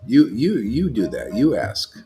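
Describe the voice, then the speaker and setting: A man's voice: mid-range voice, wildly swooping pitch, a little slow. A man, a monk leading a devotional gathering, giving a rambling informal talk and often checking in with his listeners. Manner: rambling, keeps asking listeners "you know?". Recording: music playing behind the voice.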